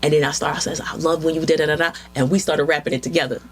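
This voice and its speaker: A woman guest in a casual interview, telling stories in an animated way and acting out quotes. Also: sits low, rapid-fire, soft background music. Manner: animated, acts out quotes with lots of "yo". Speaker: interview guest, film director and photographer.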